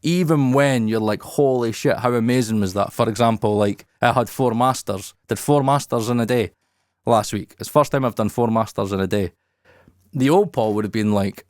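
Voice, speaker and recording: A man, hosting a podcast in casual talk, candid and animated with plenty of swearing, in his studio. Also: mid-range voice, normal speed, dry recording. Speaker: podcast host.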